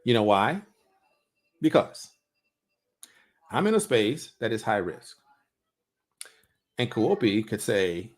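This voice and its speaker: Lively, animated man talking to his viewers. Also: medium pitch, slow, pauses often. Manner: animated, repeats words, rhetorical questions. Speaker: coach hosting a livestream on passive income. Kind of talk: casual livestream talk.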